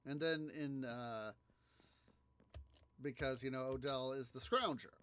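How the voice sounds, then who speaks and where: A man hosting a gaming video, telling a story in a halting, rambling way, full of fillers and restarts as he plays. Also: mid-range voice, a bit bright, clean tone. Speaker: gaming channel host. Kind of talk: casual gameplay commentary.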